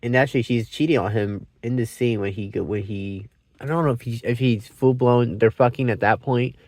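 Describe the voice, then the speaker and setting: A man chatting through a film review in a loose, wandering way, cutting himself off mid-thought and dropping casual curses. His voice sits at an ordinary middle pitch. The sound is dry and close, with no room around it. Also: a little fast, darkish tone, no room sound. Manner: meandering, self-interrupting, swears freely. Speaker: movie reviewer.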